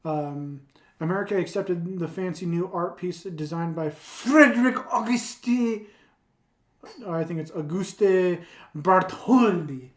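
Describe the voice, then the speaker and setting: Low-voiced playful woman quiz host. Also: measured pace. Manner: playful, jokey, laughs often. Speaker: podcast co-host reading a quiz. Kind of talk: casual podcast chat. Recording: roomy echoey room.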